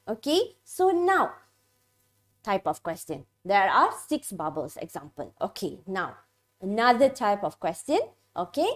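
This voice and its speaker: A female English teacher from Malaysia gives an exam-prep lesson and checks in with "okay" and "right". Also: a little high.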